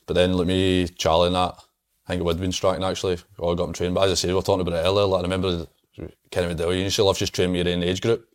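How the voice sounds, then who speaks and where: A man's voice: low-pitched, flat delivery, rapid-fire. A Scottish man, a former footballer, telling stories in a casual chat and laughing often.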